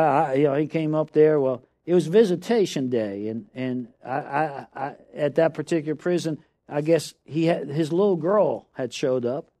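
A man preaching a sermon, telling a story and then building to loud, emphatic declarations, often calling out "come on now.". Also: on the high side. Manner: repeats "come on now" to the audience.

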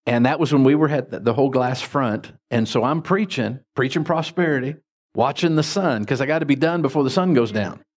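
A man preaching as a pastor, telling folksy stories with lively jumps in his voice. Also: fairly quick. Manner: folksy, animated anecdotes with sudden pitch jumps. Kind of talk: sermon with storytelling.

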